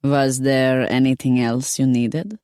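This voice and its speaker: A woman voicing a calm older woman with a foreign accent who speaks in a soothing, measured way. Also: rumbling low, clear, resonant tone, dry recording, studio quality.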